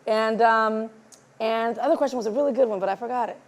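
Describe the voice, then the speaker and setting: Animated woman from South LA, fairly high voice. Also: fast talker. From South Los Angeles, USA. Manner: animated, laughs often, acts out conversations. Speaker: guest filmmaker. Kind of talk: live Q&A conversation.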